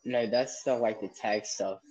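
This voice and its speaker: Husky young man joking while gaming. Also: fairly low pitch, fairly even intonation, unhurried, darkish tone, low-quality recording. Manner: crude, joking, swearing. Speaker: podcast co-host. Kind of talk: casual chat while gaming.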